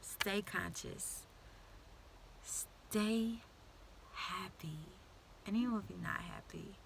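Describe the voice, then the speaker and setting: A woman giving a casual, heartfelt vlog talk to her viewers, often dropping into soft whispers. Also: medium pitch, slow, vocal fry, pauses often, very noisy. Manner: warm, intimate, drifts into soft whispers. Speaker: vlogger. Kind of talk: casual motivational talk to camera.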